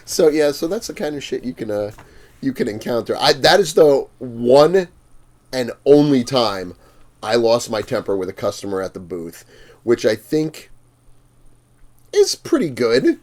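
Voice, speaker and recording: With a darkish, medium-pitched voice, the fang maker tells his tales very animatedly but a little slowly. As a podcast guest in the studio, he curses freely and laughs while playing the other characters in his casual stories.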